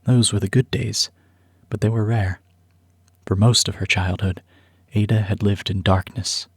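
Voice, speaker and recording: A male narrator reads a story script at a measured, even pace. His voice is low and slightly husky. The recording is close and dry, with no room sound. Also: no echo.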